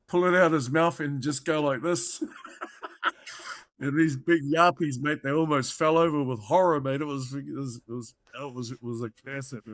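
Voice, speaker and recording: A man's voice: medium pitch, no echo, studio quality. Rambling New Zealand storyteller man. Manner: rambling anecdotal storyteller, peppered with "mate". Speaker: guest, former rugby player. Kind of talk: casual storytelling.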